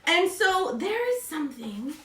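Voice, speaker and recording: A woman leading a playful kids' lesson for her child, coaxing and animated, repeating words slowly for the child to copy. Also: very high-pitched, distant mic. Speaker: parent teaching her child. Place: indoor room with a computer and slides. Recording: echoey room, voice from off-mic.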